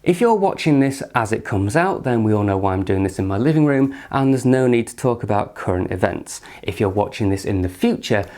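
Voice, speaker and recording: A man's voice: lowish voice, lively intonation, a little fast, hardly any pauses, a little mellow. A man hosting a casual film review from his living room, with dry, sarcastic humour.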